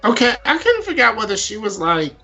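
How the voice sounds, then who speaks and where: Giggly guy cohosting a podcast, kinda high voice, keeps restarting lines. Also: wildly swooping pitch, quick pace, gravelly, bright, forceful tone, muffled recording, soft background music. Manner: giggly, chatty, restarts often. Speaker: podcast co-host. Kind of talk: casual chat.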